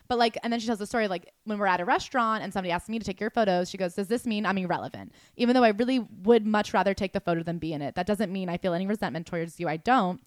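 A woman co-hosting a chatty podcast, talking at a quick clip with a jokey, animated manner. Her voice sits mid-range, and the recording is close and dry with no room sound. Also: medium pitch, dry recording. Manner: fast, animated, jokey, reads quotes aloud. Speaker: podcast co-host. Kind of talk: casual chat.

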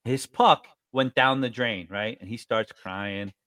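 A man's voice: a little slow, no echo, clean studio sound. A man in his forties from New York State, telling stories in casual chat. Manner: animated storyteller, jumps up in pitch.

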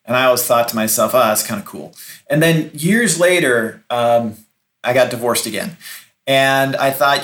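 This middle-aged man is a recruiter on a podcast, fielding interview questions in a conversational style. He keeps restarting and repeats words to stress them, speaking at a normal speed in a medium-pitched, fairly bright voice.

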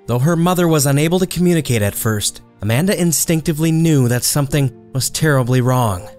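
A man delivers scripted true-crime narration, measured and dramatic in tone. His voice sits a little high for a man. Faint music plays underneath. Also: darkish tone. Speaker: narrator and host.

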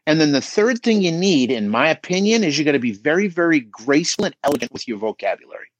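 A middle-aged man coaching on a podcast, emphatic and animated, asking rhetorical questions as he talks. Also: a little high, fast talker, dry recording, dull audio. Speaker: auto shop business coach guest. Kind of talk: podcast conversation.

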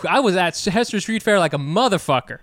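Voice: medium pitch, expressive, a little fast, a bit bright, dry recording. A podcast host introducing a guest in a joking, upbeat way. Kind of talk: casual podcast chat.

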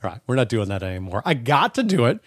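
A man in his forties co-hosting a podcast, telling stories in a casual, animated way, swearing freely and acting out the voices he quotes. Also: medium pitch, fast, husky, no room sound. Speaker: podcast co-host. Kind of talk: casual chat.

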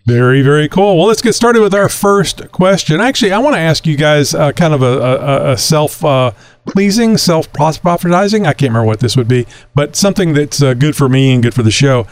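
A man's voice: a little high, expressive, brisk, no room sound. A man from Texas hosting a casual talk show, rambling with many fillers. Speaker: podcast host.

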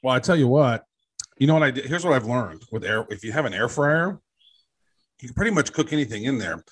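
A man co-hosting a podcast in casual chat, joking and telling animated stories. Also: mid-range voice, a little fast, slightly rough. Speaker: podcast co-host.

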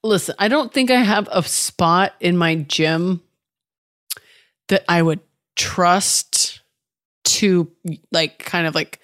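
Low-voiced joking woman. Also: slow, long pauses, a bit bright. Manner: candid, joking, casually profane. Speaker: podcast co-host. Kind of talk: casual chat.

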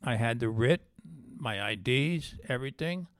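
A middle-aged former undercover agent recounts his story in an interview, speaking unhurriedly in a medium-pitched voice with no room sound. He's an animated storyteller who acts out the voices of the people involved.

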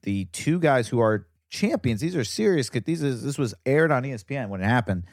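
A man telling a story as a comedian guest on a casual podcast, animated and rambling, repeating words. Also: medium pitch, fairly quick, no room sound, clean studio sound.

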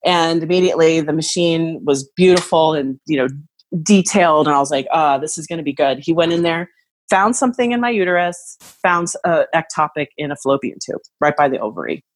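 A woman in her thirties, telling a personal story in casual chat, animated and acting out what others said. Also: low voice, a little fast, low-quality recording. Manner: animated, acts out quoted voices.

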